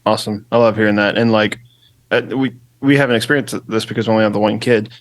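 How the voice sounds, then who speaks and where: A man's voice: lowish voice, fast, dry recording. A young man co-hosting a podcast, talking casually and rambling with lots of fillers about his daughter. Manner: relaxed, rambling with many fillers. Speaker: podcast co-host. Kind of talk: casual chat.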